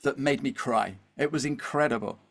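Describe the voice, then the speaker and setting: The voice is a man's, medium in pitch and moderate in pace: a middle-aged podcast guest telling a story with energy. He keeps turning to his listener with "okay?" and "all right?"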